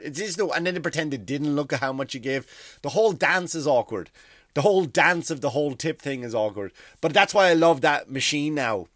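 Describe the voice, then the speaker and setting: A man's voice: medium pitch, fairly bright tone, no room sound, clean studio sound. Profane man rambling comedy podcast. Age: 40s. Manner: rambling, profane, self-deprecating storytelling. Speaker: podcast host. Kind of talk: comedic monologue.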